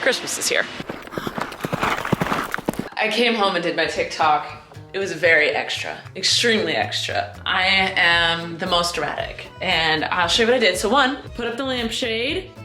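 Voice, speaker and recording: A woman's voice: on the low side, animated, normal speed, music in the background. A woman chatting casually to her camera in a rambling, self-mocking vlog as she goes about her errands. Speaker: vlogger. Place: at home and out on errands.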